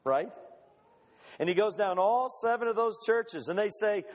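High-voiced preacher in a reverberant hall. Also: male voice, expressive. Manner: dramatic, acts out quoted voices, emphatic pauses. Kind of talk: sermon.

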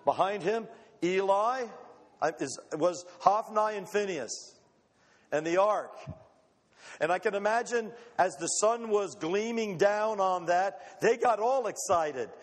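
High-voiced preacher in a reverberant hall. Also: male voice. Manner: dramatic, acts out quoted voices, emphatic pauses. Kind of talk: sermon.

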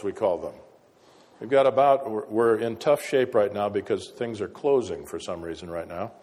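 A man's voice: mid-range voice, darkish tone. A man preaching a sermon, telling folksy stories with wry asides. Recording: echoey hall reverb.

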